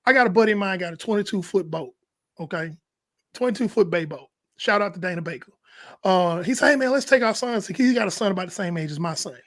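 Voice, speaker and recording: Male podcast co-host, high voice, animated storyteller who acts out quotes. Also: fast. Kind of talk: casual sports talk.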